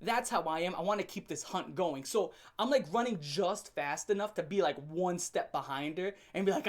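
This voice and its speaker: A young man telling a funny story from his teen years in a casual, animated way, laughing often and swearing freely. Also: high-pitched, moderate pace, few pauses. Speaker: storyteller host. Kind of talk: comedic storytime vlog.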